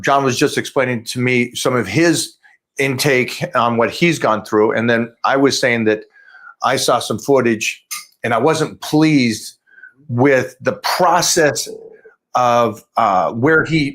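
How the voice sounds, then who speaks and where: A man's voice: mid-range voice, takes it slowly, fairly bright tone. A man hosting a casual video call chat, speaking frankly and sounding frustrated. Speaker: host.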